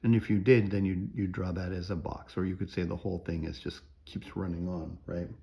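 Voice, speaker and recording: The voice sits low and sounds gravelly, with a flat, brisk delivery. He's teaching music theory on a recorded lecture, thinking aloud through an example, often asking "right?", and sometimes breaking into a tune sung in nonsense syllables.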